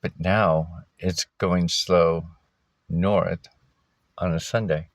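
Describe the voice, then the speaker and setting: A man's voice: low-pitched, fairly even intonation, drawn-out words, no room sound. A man vlogging from a park, talking in a loose, rambling way with fillers and chuckles. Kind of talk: casual rambling vlog. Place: outdoors at a park.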